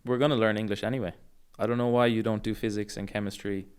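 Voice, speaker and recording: A young Irish man, a jiu-jitsu coach, talking in a relaxed, enthusiastic way on a casual podcast. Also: fairly low pitch, fast talker, clean tone.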